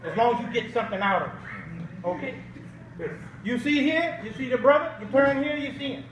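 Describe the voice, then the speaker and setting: Speaking at a normal pace, the older man's voice is very high, creaky and a bit bright, with a little hiss or hum in the echoey, distant-mic hall recording. He's a guest speaker at an awards banquet, preaching Islam emphatically and throwing rhetorical questions to the audience to answer.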